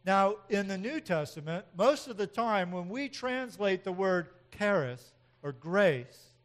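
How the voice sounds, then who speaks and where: A man preaching a sermon in an animated way, swinging from loud emphatic outbursts to quiet asides, with frequent chuckles. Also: high voice, unhurried. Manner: chuckles often between points. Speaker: pastor.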